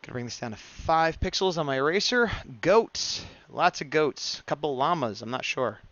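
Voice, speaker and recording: A man's voice: a little high, lively intonation, quick pace, a bit bright, dry recording, dull audio. A man streaming live as he draws, chatting casually and muttering to himself as he works. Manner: chatty, mumbles to himself, reads chat aloud. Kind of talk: casual live-stream chat while drawing.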